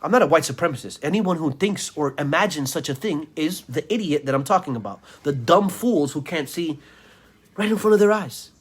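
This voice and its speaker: A man's voice: on the high side, lively intonation, normal speed, slightly rough. A man delivering an angry political rant to camera, scornful and insulting his listeners. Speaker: political commentator. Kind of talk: ranting vlog monologue.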